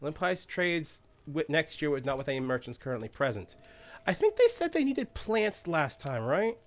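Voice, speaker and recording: A man's voice: a little high, sing-song, normal speed. A man chatting casually on a live game stream, swearing freely and barking orders at the game characters. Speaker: streamer playing a colony sim game.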